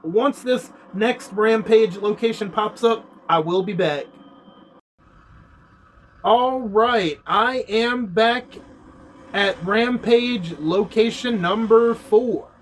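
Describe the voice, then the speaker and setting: Man, high voice, gaming commentary, profane ranting, faint background hiss. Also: slow pace, rough recording. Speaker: gaming YouTuber. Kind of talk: casual gameplay commentary.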